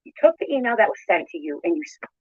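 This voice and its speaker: A woman's voice: on the low side, very animated, quick pace, no echo, dull audio. A woman ranting in a heated, accusatory way. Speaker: YouTuber in a played clip. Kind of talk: angry rant.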